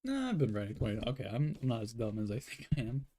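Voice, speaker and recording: This young art streamer has a medium-pitched, dark-toned voice with wildly swooping pitch and a quick pace. Chatting casually while he draws, he's rambling and self-deprecating with plenty of fillers, and he seems tired, yawning along the way.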